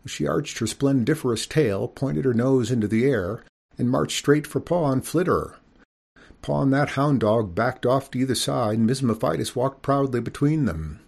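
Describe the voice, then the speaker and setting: A man's voice: medium pitch, moderate pace, vocal fry, darkish tone, breathy edge. A man reading a storybook aloud in the first person as a farm boy, with folksy rural speech. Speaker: audiobook reader.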